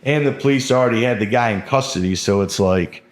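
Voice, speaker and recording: A man's voice: medium pitch, brisk. A young man telling his own story in a casual, rambling way, full of fillers and swearing. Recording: roomy echo.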